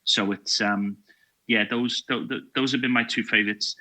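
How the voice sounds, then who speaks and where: A man's voice: mid-range voice, fairly even intonation, moderate pace, sharp tone, low-quality recording. A man, a podcast guest and security trainer, chatting casually in a jokey, self-deprecating way. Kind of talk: casual chat.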